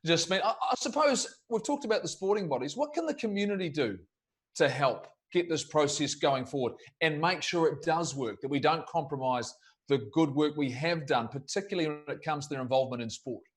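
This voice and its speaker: A man's voice: on the high side, animated, a little fast. A man hosting a sports panel, asking questions in a conversational way. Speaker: sports show panel host.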